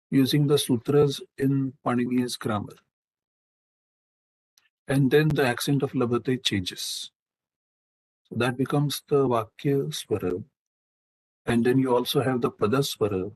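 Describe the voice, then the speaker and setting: A man answering questions in a live online lecture, in a measured, explanatory way and using technical Sanskrit terms. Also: mid-range voice, husky, low-quality recording.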